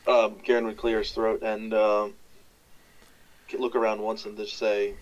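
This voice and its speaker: A man playing a tabletop game, relaxed, describing his character's actions in third person over a voice call. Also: on the low side, slow, pauses often, lo-fi sound. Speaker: player. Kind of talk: casual tabletop play. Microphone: home mic on a voice call.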